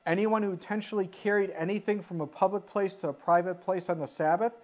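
A preacher giving a sermon in an animated way, often putting questions to the listeners. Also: medium pitch, fast talker. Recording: dull lo-fi recording.

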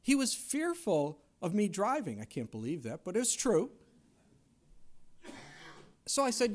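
A middle-aged man preaching a conversational sermon, dropping to hushed tones and rising into loud dramatic quotes. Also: sits high, huge pitch swings, unhurried, pauses often. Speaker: pastor.

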